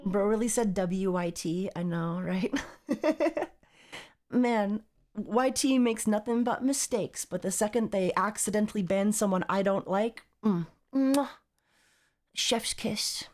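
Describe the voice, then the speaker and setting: A woman's voice: mid-range voice, steady tone, unhurried, a little mellow. A young adult woman streaming as a VTuber, chatting casually and reading chat aloud in a teasing, playful way.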